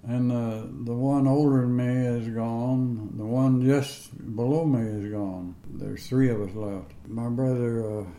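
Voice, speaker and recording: This is an old man in his eighties, and he talks with plain country grammar. He rambles through his memories in a relaxed, unhurried way. His voice sounds mellow and warm, and it is recorded in a roomy space with some echo. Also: mid-range voice. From northern Georgia, USA. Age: 80s. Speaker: interviewee. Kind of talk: casual storytelling interview.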